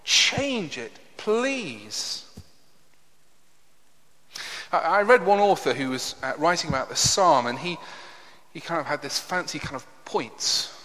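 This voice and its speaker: A man's voice: a little high, normal speed, fairly bright tone. A man preaching a sermon, earnest and emphatic, often asking the listeners rhetorical questions. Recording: long reverb of a hall.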